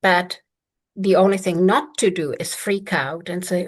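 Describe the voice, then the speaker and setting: A woman's voice: lowish voice, fairly even intonation, a little slow. Middle-aged female coach, plain-spoken and emphatic, casual delivery with frequent swearing. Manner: blunt, emphatic, swears freely. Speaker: manifestation coach.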